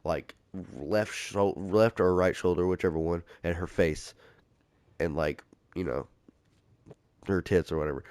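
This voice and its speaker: A young man with a fairly low voice tells a story on his podcast. He rambles, swears freely and pads his sentences with "uh" and "like". The sound is close and dry. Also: a little slow, long pauses, a little mellow, clean tone, no echo. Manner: rambling and profane, heavy filler words. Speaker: podcast host. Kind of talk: casual storytelling.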